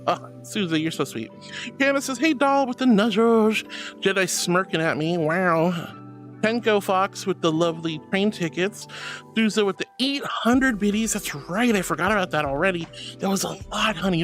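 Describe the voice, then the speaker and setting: A woman streamer chats casually with her viewers, reading their messages and thanking them with endless honeys and sweeties. Her pitch swoops up and down, and soft music plays behind her. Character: furry angel VTuber avatar. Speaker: VTuber streamer.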